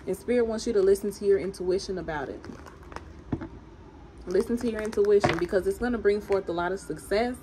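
A woman's voice: medium pitch, fairly quick. A woman with a Southern country accent doing a chatty, emphatic tarot reading for viewers. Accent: American Southern country. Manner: animated, emphatic, chatty and teasing. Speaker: tarot reader. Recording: noisy home recording.

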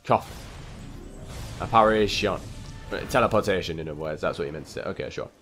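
Young male let's-player, lowish voice, chatty and excitable, faint music underneath. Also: quick pace. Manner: excitable, rambling, talks to the game characters. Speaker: gameplay commentator. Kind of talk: casual let's-play commentary.

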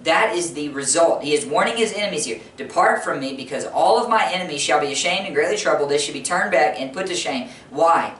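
A man's voice: a little high, lively intonation, a little fast, few pauses, fairly bright tone, reverberant, far from the mic, a little hiss or hum. A man preaching a sermon in an earnest way, repeating key phrases for emphasis. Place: church sanctuary.

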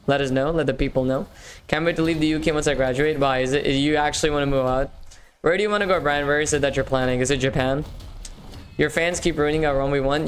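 A man's voice: on the high side, fairly quick, a little hiss or hum. A young man hosting a live gaming stream, chatting casually and upbeat with viewers, slangy and often repeating himself. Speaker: livestream gaming host.

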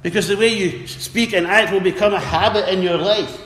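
A man's voice: high voice, moderate pace, fairly bright tone, slight background noise. A man preaching a sermon earnestly, repeating words and calling out for amens. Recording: echoey hall with faint ambience.

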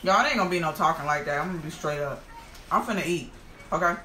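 Fast-talking in a low voice, this woman is recorded in a reverberant space with slight background noise. She hosts a casual eating vlog, animated and exclaiming, addressing her audience as y'all between bites.

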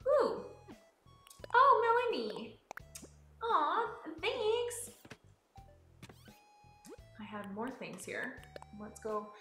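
A young woman streaming a game, bubbly and excitable, swinging between high squeals and low mutters. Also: very slow, long pauses, reverberant, faint music behind. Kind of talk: live-streamed game play.

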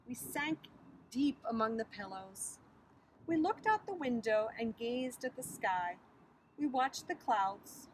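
A preschool teacher reading a picture book aloud outdoors on a bridge over a creek, with expressive storytelling. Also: female voice, a little high, slight background noise, poor audio.

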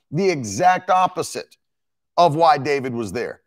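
A man's voice: a little high, measured pace. A male preacher delivering an emphatic sermon, reading and explaining a Bible passage. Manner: emphatic, animated Bible exposition.

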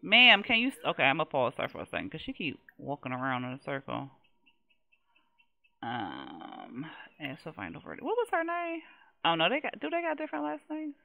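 A young woman streams a life-simulation game, chatting casually, laughing, and talking to its characters in relaxed Let's Play commentary. Her low voice swoops wildly in pitch at a moderate pace, with a creaky edge and phone-quality sound.

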